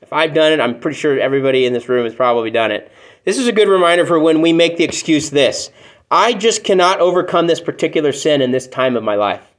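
A man's voice: on the high side, expressive, fast. Man preaching in a conversational way. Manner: conversational preaching with rhetorical questions. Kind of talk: sermon. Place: church room with congregation.

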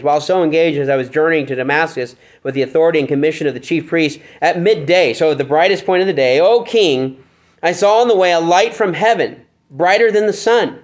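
A male pastor teaching a Bible study, reading passages aloud and asking rhetorical questions. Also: fairly high pitch. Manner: reads scripture aloud and asks rhetorical questions.

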